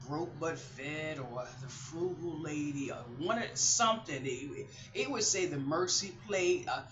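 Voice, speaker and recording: Woman vlogger, middle-aged, chatty and rambling, recorded in an echoey room with dull sound. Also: deep voice. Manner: chatty, rambling, animated storytelling. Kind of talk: casual chat to viewers. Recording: roomy and slightly muffled.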